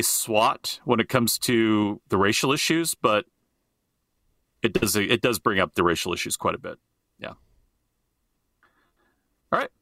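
A middle-aged podcast co-host with a lowish, sharp voice chats casually, rambling, swearing freely and often circling back to restart his point. The sound is clean studio audio with no room sound.

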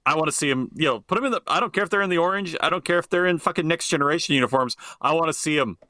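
A man's voice: a little high, rapid-fire, sharp tone, no room sound, studio quality. A middle-aged man co-hosting a podcast in casual chat, rambling and swearing freely and often circling back to restart his point. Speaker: podcast co-host.

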